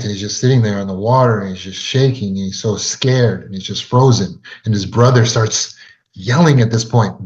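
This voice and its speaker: A man's voice: on the low side, fairly even intonation, moderate pace, darkish tone, a little hiss or hum. A man coaching on trauma recovery who tells a story and turns to the listener with earnest rhetorical questions, in a dull lo-fi recording. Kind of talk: storytelling lesson to camera. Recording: dull lo-fi sound.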